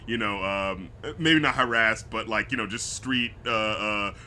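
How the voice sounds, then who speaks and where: A man's voice: lowish voice, measured pace, bright, forceful tone, slight background noise. A man hosting a casual film review podcast, talking loosely with many fillers and profanity, acting out lines from the movie. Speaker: podcast host.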